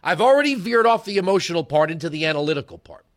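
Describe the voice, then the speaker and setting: Animated, high-voiced talk radio host. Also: male voice, rapid-fire. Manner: emphatic, rhetorical, shifts between lecturing and storytelling. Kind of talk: political talk radio monologue.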